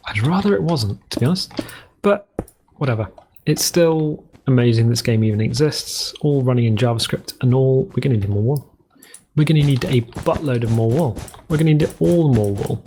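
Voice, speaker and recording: A man's voice: mid-range voice, a little mellow, a little hiss or hum. A man with a rambling, jokey, self-correcting manner, giving casual commentary as he plays a game. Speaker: let's play host.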